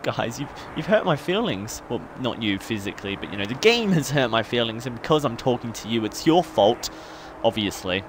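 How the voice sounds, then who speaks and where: With a medium-pitched voice and a little hiss or hum on the recording, a young Australian man narrates gameplay for his YouTube channel. His accent is partly worn down by years in the UK, and his casual commentary is hyper and self-mocking, rambling with frequent laughs.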